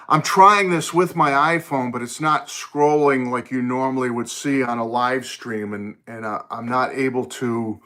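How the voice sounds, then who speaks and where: A middle-aged man with a bright, forward voice chats casually on a phone live stream from his music room. He rambles good-naturedly, greets viewers one by one and wonders aloud about his setup. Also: medium pitch.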